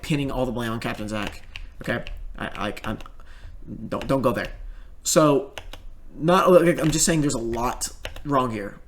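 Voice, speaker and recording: A man's voice: a little high, slight background noise. A young man telling a story in casual commentary, rambling and swearing, with many fillers and restarts.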